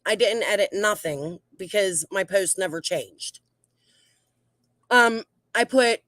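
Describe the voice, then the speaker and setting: A woman, venting in an aggravated, defensive way as she reads out old messages. She rambles, restarts her sentences and talks at a middle pitch. The recording is dry and close, with no room sound. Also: expressive, slow pace, pauses often, fairly bright tone, no room sound. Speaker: YouTube channel host. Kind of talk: heated commentary reading out messages.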